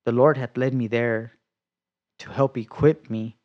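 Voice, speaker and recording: A man at an ordinary pitch tells his faith story in an easygoing, conversational way, full of life, playing out his own past words and sometimes sinking to a whisper. The sound is a bit dull and lo-fi. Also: fairly even intonation, unhurried. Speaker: guest sharing a faith testimony. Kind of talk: casual conversational testimony.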